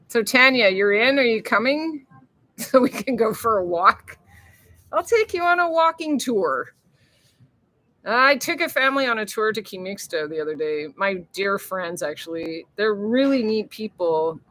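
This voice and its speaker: A woman's voice: mid-range voice, fairly bright tone. A woman hosting a casual livestream, chatting and reading viewer comments aloud, swearing freely. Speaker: livestream host.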